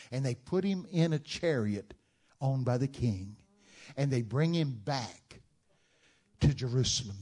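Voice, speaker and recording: Male preacher, dramatic storyteller, mid-pitched, full of rhetorical questions. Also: a little mellow. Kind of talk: sermon.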